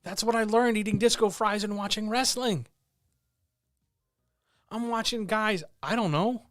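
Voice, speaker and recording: A man gives a blunt, earnest pep talk on his stream and swears freely. His voice sits a little on the high side. The recording is dry and close, from a microphone at home. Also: measured pace, fairly bright tone, no echo. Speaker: streamer host. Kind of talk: candid motivational monologue. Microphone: talking into a microphone.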